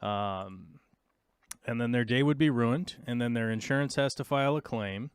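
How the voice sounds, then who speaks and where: A man's voice: mid-range voice, moderate pace, clean tone, no room sound. A man hosting his own long-format podcast, opening with playful, rambling banter and joking asides. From United States. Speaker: podcast host. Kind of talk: goofy live-stream opening banter.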